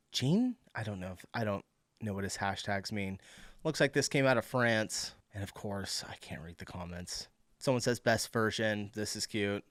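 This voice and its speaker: A man hosting a reaction video, chatting casually in an amused tone with quick asides. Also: fairly low pitch, fairly bright tone, no room sound, studio quality.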